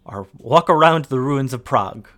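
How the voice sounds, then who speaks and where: A man's voice: medium pitch, expressive, moderate pace, a bit bright, lightly acted. A man reading as an earnest soldier hoping for time together. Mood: hopeful. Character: earnest, hopeful male veteran soldier.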